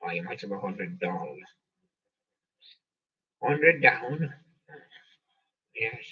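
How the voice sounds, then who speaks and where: A man hosting a live stream, reading song lists slowly and cracking puns after each title. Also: on the low side, expressive, husky, far from the mic. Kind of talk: rambling live-stream chat with jokey asides. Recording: dull lo-fi sound, off-mic.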